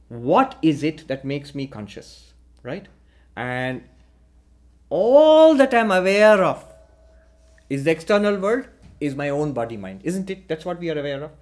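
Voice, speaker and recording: A man teaching a philosophical lecture in a measured way, posing rhetorical questions to his listeners. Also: fairly high pitch. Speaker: spiritual teacher.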